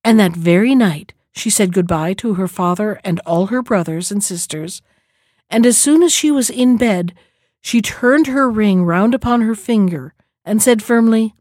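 A woman calmly reading a fairy tale aloud in a measured storybook manner. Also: mid-range voice, dry recording, clean studio sound.

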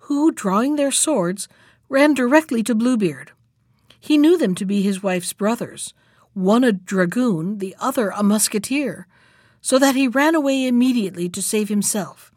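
A woman's voice: a little high, lively intonation, normal speed, darkish tone, no room sound. Woman narrating a fairy tale, close and dry.

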